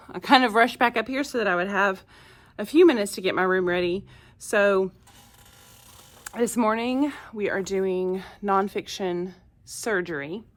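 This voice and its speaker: A woman teacher chatting casually in her classroom, rambling with frequent fillers. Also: fairly low pitch. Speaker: first grade teacher.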